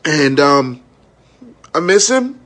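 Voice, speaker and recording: A man in his thirties with a high, tense, bright voice speaks in a raw live-stream monologue. He is frank and emotional and curses freely. He keeps checking that his audience is with him. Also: big pitch swings, slow. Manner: raw, frank and emotional, with profanity and many "you know what I'm saying". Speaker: minister and entrepreneur.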